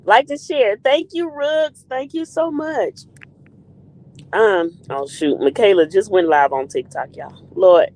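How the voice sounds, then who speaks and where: A woman's voice: mid-range voice, slow pace, darkish tone, low-quality recording. A woman hosting a casual live stream, greeting viewers in the chat by name in a playful way.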